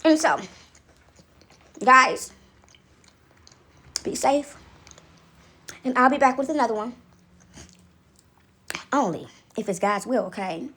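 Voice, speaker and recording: A woman vlogger talking casually to her viewers about faith, rambling and animated, laughing often and acting out voices. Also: sits high, slow pace, pauses often. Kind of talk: casual spiritual monologue to viewers.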